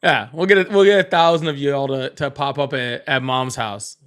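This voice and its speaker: A man's voice: medium pitch, brisk, a bit bright, smooth. A man hosting a casual livestream, rambling, repeating himself and laughing often. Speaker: livestream host.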